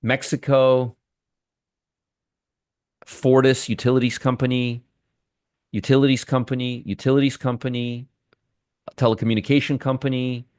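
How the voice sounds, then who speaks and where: A man's voice: mid-range voice, flat delivery, normal speed, long pauses, darkish tone, smooth, no echo, clean studio sound. A man hosting a live trading room, commenting on the market with heavy sarcasm, restarting and trailing off as he works his screens. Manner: sarcastic, talks to viewers and chat.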